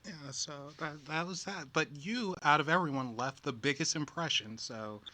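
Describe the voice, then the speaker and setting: A man's voice: on the high side, normal speed, bright, forceful tone. A man from Texas with a Texan accent, co-hosting a casual chat, telling stories and reading out comments. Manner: easygoing storyteller, reads out comments. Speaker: co-host.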